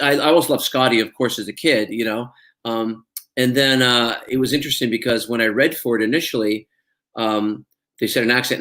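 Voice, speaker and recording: A man's voice: mid-range voice, fairly bright tone. Man telling showbiz anecdotes. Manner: anecdotal, acts out quoted dialogue, many fillers. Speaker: actor guest. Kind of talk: casual interview storytelling.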